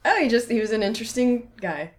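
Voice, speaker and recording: A woman's voice: a little high, expressive. Giggly, chatty woman in an interview. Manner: giggly, chatty, quick to laugh. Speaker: filmmaker interviewee. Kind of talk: casual interview chat.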